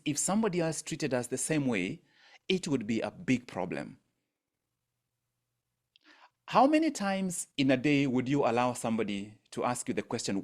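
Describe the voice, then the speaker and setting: Male workshop coach, emphatic and repetitive, mid-range voice, on a video call. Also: mid-range voice. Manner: emphatic, repeats phrases for effect, rises sharply on quoted lines. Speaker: mindset coach leading an online workshop. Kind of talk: teaching talk.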